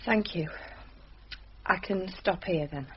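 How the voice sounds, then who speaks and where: An actress playing a restless young village wife, guarded and falsely polite. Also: female voice, fairly low pitch, slow, muffled recording, slight background noise.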